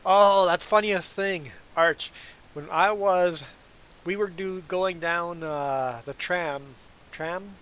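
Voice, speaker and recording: A man's voice: high-pitched, slow pace, fairly bright tone, smooth, low-quality recording. A man from Canada whose first language is German, chatting casually with his viewers in a livestream Q&A and often laughing as he rambles. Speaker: trucker streamer answering chat.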